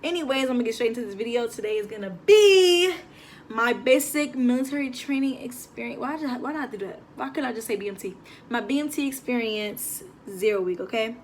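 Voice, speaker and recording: Young woman, animated storyteller, phone propped on a table at home, light hiss. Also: fairly high pitch, a little fast. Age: young adult. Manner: chatty, animated, slangy. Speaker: vlogger. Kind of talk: casual storytelling vlog.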